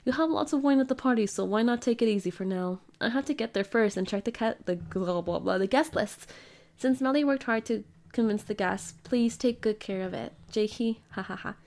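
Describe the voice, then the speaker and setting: Female let's-player, bright and high, chatty and giggly, reads game dialogue aloud. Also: fairly quick. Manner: playful, giggly, reads character lines in her own voice. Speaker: gaming streamer. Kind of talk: casual let's-play commentary, reading game dialogue aloud.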